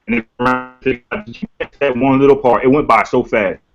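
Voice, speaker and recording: A man in a casual hip-hop podcast chat, telling a story in a relaxed way with loose restarts. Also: mid-range voice, fast, muffled recording, soft background music.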